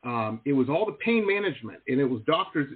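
Lively male host on a tinny line. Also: medium pitch. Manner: chatty, animated, quick agreement. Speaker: show host. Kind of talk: casual interview. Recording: tinny phone-line sound.

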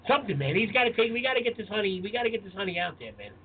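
Man in his forties, casual podcast chat, high-pitched, emphatic, swears a lot, tinny lo-fi audio with faint hiss. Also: expressive, rapid-fire. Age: 40s. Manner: profane, emphatic storyteller. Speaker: podcast co-host. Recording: tinny phone-like sound, faint noise.

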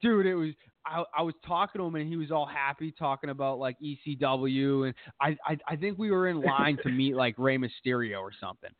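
A man's voice: on the high side, fairly quick, few pauses, no room sound. A man co-hosting a podcast, telling rambling stories in casual, profanity-heavy chat. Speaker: podcast co-host. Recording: tinny phone-like sound.

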